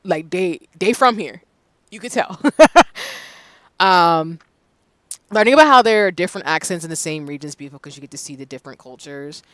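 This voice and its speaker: A streamer from the American South talks in a bright, forceful voice and keeps the chat lively with easy laughter. The sound is dry and close, as if from a desk mic at home. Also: medium pitch, dry recording. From Southern United States. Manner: chatty, animated, quick to laugh. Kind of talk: casual chat on a live stream.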